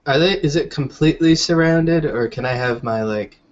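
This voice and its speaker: A man's voice: fairly high pitch, normal speed. A man playing a tabletop game, chatty and explaining. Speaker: player. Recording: muffled recording with voices behind.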